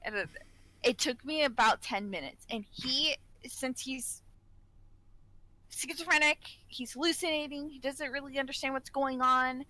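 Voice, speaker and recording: A woman's voice: high voice, normal speed, pushed and bright, no echo, rough recording. A woman co-hosting a casual podcast, telling a work story and laughing often as she talks. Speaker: podcast co-host, care worker.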